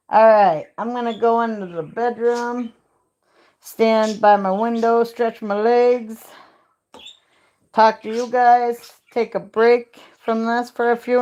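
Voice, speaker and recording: Chatty and laughing at her own stories, a middle-aged woman livestreams from home on a phone held in her hand beside a bedroom window. She has a mid-range voice with a darkish tone.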